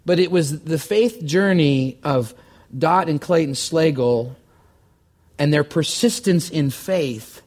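A man's voice: takes it slowly, a little mellow. Earnest man preaching a sermon. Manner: earnest, repeats words, climbs in pitch when stirred. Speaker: pastor.

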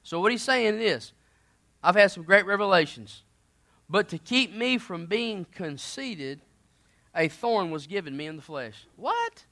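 A man preaching a sermon in a conversational style, moving between loud emphatic bursts and quiet asides. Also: high voice, lively intonation, unhurried.

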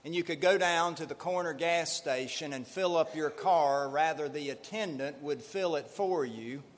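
Male preacher, fairly high voice, unhurried measured delivery, echoing church hall. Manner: slow, deliberate, measured delivery. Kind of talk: sermon. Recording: long hall reverb.

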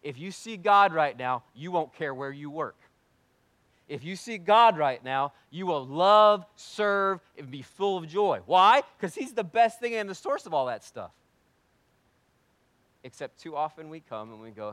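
A man's voice: medium pitch, lively intonation, moderate pace. Emphatic man preaching a sermon. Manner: swings between hushed and loud, emphatic; rhetorical questions answered himself. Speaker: pastor.

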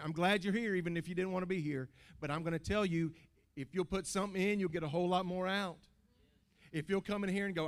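Preacher guy, kinda high voice, fired up, keeps restarting words, calling out to the church. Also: fairly quick. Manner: animated preaching with call-outs to the congregation; stammering restarts, folksy phrasing. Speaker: pastor. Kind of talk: sermon. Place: church building.

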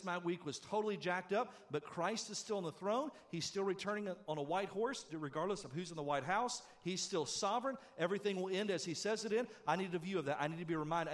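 High-voiced, animated man preaching. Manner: animated, shifts from loud and quick to low and hushed. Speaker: pastor. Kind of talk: sermon.

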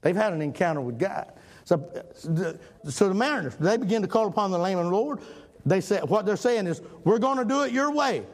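Guy preaching folksy, kinda high voice, goes loud then real quiet. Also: animated, fairly quick. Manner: folksy, swings between loud emphatic and low murmured. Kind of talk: folksy sermon.

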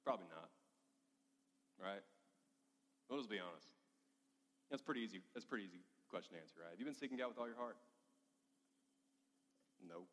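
A male preacher telling a funny personal story in a sermon, with lively humor. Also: on the low side, brisk, long pauses. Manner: storytelling, animated, self-deprecating humor. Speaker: pastor. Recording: long hall reverb.

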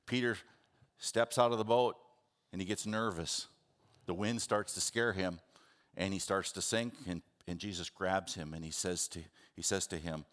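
A man preaching a sermon, earnest and animated, acting out the people in his stories. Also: deep voice, moderate pace. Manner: earnest, animated, acts out the disciples in quotes. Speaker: pastor.

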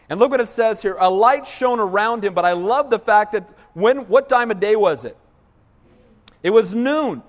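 A man preaching a sermon in a church, animated, with frequent call-and-response. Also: sits high, normal speed. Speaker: pastor. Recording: long hall reverb.

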